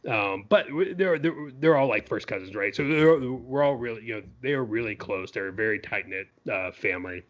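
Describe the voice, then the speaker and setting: A man's voice: lowish voice, animated, fairly quick, few pauses, lo-fi sound. A man co-hosting a podcast, telling a story in a loose, chatty way, full of "you know" and "right?" asides. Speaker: podcast co-host. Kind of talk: casual storytelling.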